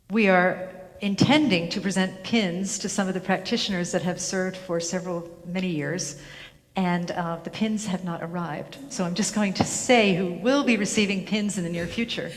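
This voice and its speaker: A woman's voice: lowish voice, steady tone, normal speed. Woman minister in a reverberant church hall. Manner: earnest, reads from a script with small restarts. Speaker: minister leading a church service. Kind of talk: ceremonial address to a congregation. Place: church sanctuary.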